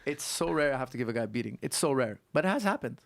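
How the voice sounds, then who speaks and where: A man who is a guest coach on a podcast, telling stories and explaining technique in an animated way that repeats points for emphasis. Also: medium pitch, rapid-fire, vocal fry, no room sound. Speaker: guest martial arts coach. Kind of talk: casual podcast conversation.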